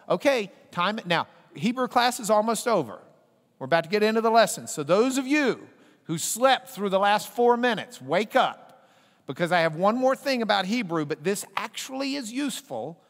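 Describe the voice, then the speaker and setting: A man teaching a Bible class in a big hall, his voice high and full of swings in pitch. He jokes and coaxes his listeners to say the letters back to him. The sound carries a long hall reverb. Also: fairly bright tone. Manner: playful, coaxing a class to repeat letters.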